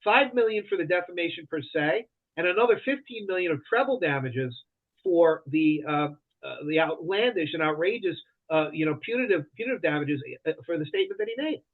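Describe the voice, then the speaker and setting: Man, interview guest, rapid-fire, heated, lots of restarts, tinny phone-line sound. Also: fairly high pitch, expressive. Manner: rushed, heated, many restarts. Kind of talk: rapid talk-show interview answers.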